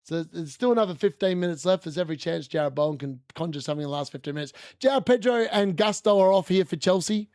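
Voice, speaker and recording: A man giving chatty, excitable live commentary on a fantasy football watch-along stream, laughing often and correcting himself as he goes. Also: high voice, quick pace, few pauses, no echo, clean studio sound. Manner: corrects himself mid-sentence.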